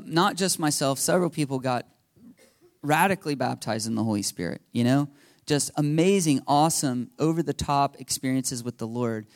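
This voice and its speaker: Male pastor, sermon storyteller, lively delivery, higher-pitched, dry studio-like sound. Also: no room sound. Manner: animated storytelling with laughs and acted quotes.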